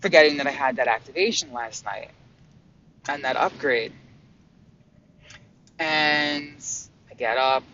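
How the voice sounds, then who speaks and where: A man vlogging about his spiritual experiences in a casual, excitable way, swearing freely and often stumbling over restarts. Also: mid-range voice, a little slow, long pauses. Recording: dull lo-fi sound with faint hum.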